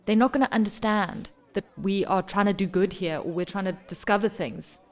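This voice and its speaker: A woman's voice: medium pitch, brisk. A woman from South Africa playing a tabletop game, speaking hesitantly with frequent restarts. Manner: hesitant, stammering. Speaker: player.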